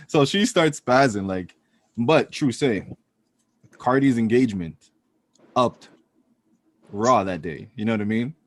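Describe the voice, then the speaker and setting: A man co-hosting a casual podcast, retelling events and acting out quotes in a loose, animated way. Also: mid-range voice, a little slow, pauses often. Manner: animated storytelling, acts out quotes. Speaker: podcast co-host. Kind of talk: casual chat.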